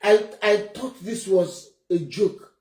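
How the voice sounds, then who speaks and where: A man's voice: high voice, slow pace, a little mellow. A man from Nigeria with a Nigerian English accent, giving heated, blunt political commentary. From Nigeria (Enugu State). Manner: indignant, emphatic, blunt. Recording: roomy echo.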